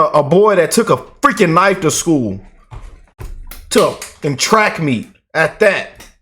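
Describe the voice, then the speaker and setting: A male channel host delivers a heated commentary rant. His voice sits somewhat high, and he repeats himself and stacks up emphatic phrases as he gets worked up. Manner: animated, repetitive, emphatic. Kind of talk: ranting political commentary.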